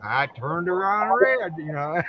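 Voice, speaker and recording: A man's voice: on the high side, heavy background noise. An older man from Ohio, a guest drag racer, telling folksy stories in casual interview chat, often repeating words and chuckling.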